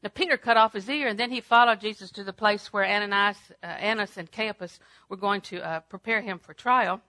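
A woman preaching a sermon, swinging from loud, emphatic declarations to hushed, near-whispered lines, repeating phrases for emphasis. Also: mid-range voice, brisk, no echo.

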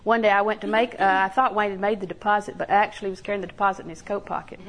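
A woman's voice: mid-range voice, steady tone, very fast, a bit bright, low-quality recording. An older woman preaching a sermon in a folksy storytelling way, acting out little quotes and laughing along. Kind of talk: sermon with homey stories.

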